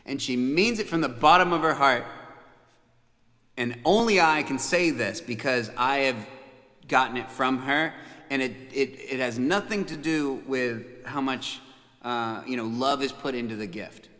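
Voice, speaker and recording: Chatting casually on his livestream in the bunker, a musician recounts a family story in a rambling, chuckling way, full of fillers and false starts. His mid-range voice is unhurried, bright, and forceful, with long reverb on the audio.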